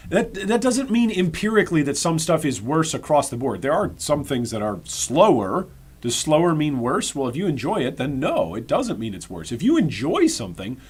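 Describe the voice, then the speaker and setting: A man's voice: on the high side, slightly rough. An American man streaming live, reacting to game patch notes and talking straight to his chat in a rambling way, restarting and repeating words as he works through a point. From United States. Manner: talks directly to his chat.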